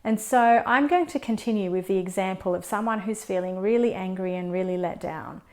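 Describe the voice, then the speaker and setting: Calm woman coaching a tapping routine. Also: medium pitch, fairly quick. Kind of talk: step-by-step instruction.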